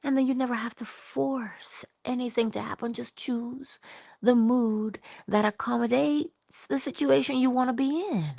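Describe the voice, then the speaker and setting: A woman hosting an inspirational morning livestream, musing and affectionate, drifting between hushed asides and bursts of laughter. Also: on the high side, steady tone, a little slow, gravelly, no room sound. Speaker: livestream host. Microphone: livestream mic.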